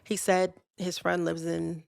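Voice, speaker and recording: A woman's voice: on the low side, completely flat delivery, measured pace, creaky, a little mellow, no echo, clean studio sound. A young woman podcast host casually telling a personal story, candid and chatty, speaking straight to her listeners. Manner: candid, conversational, addresses listeners directly.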